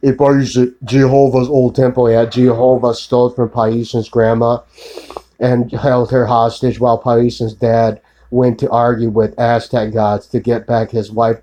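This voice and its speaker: A man's voice: medium pitch, level tone, moderate pace, warm tone, rough recording. A man in a rambling solo monologue, ranting profanely and accusingly, repeating filler tags and addressing an unseen woman.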